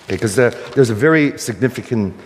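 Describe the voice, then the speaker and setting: A man's voice: medium pitch, lively intonation, fast, long reverb tail. An older man preaching a sermon as a pastor, emphatic and questioning, often checking in with the listeners.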